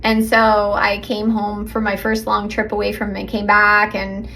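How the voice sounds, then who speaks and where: A woman's voice: mid-range voice, completely flat delivery, normal speed, bright, forceful tone, slight background noise. A woman hosting a podcast as a relationship coach, talking casually and conversationally, laughing easily and acting out sample dialogues.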